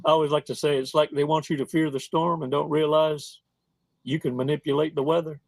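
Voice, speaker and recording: A man's voice: a little high, level tone, fairly quick, creaky, dry recording. A man hosting a casual monologue in a folksy, slangy manner, stretching words out for emphasis. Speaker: host.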